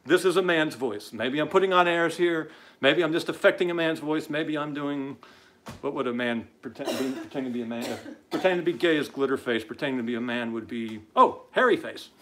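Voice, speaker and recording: A man's voice: mid-range voice, fairly quick, fairly bright tone, slight background noise. A man hosting an online show, talking in casual live-stream commentary with many "uh"s and stammering restarts, blunt and combative.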